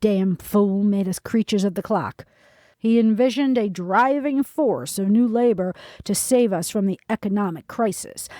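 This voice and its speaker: A woman's voice: medium pitch, dark tone, no echo, clean studio sound, lightly acted. A woman doing a cool, worldly older man. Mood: scornful. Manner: nonchalant, worldly, scornful of foolishness. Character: cool, confident man of about sixty.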